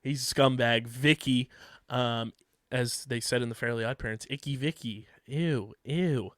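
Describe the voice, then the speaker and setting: A male co-host recaps episodes on a casual podcast, wandering through the plot with frequent ums and bursts of laughter. He speaks a little slowly in a mid-range, slightly bright voice. The sound is clean studio audio with no room sound.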